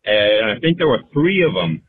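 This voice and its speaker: A man's voice: medium pitch, big pitch swings, moderate pace, husky, dry recording. A male caller telling an amused, rambling story over the phone. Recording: tinny phone line.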